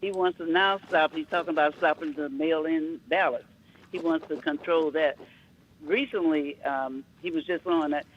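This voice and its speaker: A woman caller from Ohio who speaks bluntly but haltingly, leaning on plenty of fillers between her points. Her voice comes through dull and lo-fi, with the high end rolled off. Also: fairly even intonation, slight background noise. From Ohio, USA. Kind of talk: call-in comment.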